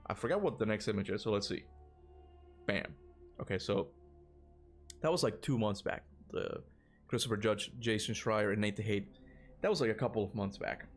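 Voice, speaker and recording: A man's voice: lowish voice, moderate pace, long pauses, faint music behind. A man hosting a casual gaming livestream, rambling with many fillers and restarts, and laughing often. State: burping after lunch. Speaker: gaming channel host.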